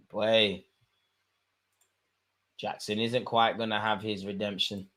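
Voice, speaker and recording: A young man, commentating live on a football match for his viewers and shouting at the screen. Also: on the low side, slow pace, pauses often. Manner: excitable, swings from muttering to shouting at the screen. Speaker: football watchalong host. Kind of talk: live watchalong commentary, casual.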